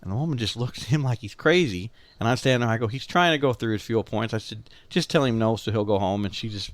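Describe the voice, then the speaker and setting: A man's voice: mid-range voice, quick pace, few pauses, no room sound. A man with a Southern Illinois accent telling a long family story in casual podcast chat, acting out the voices of the people in it. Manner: animated storyteller, acts out quoted family voices. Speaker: podcast co-host.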